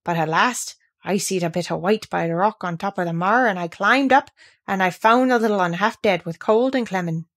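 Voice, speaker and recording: A woman's voice: mid-range voice, moderate pace, fairly bright tone. A woman doing a friendly moorland country boy. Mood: easygoing.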